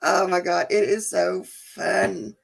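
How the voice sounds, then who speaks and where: A woman's voice: lowish voice, steady tone, slow pace, creaky, husky. A woman, chatting casually and emotionally with viewers during a live stream. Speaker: vlogger hosting a live chat.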